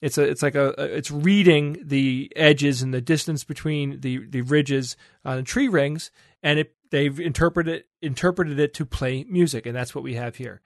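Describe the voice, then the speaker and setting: A man's voice: a little high, normal speed, no room sound, clean studio sound. A man hosting a podcast segment in casual panel chat, playful and laughing often.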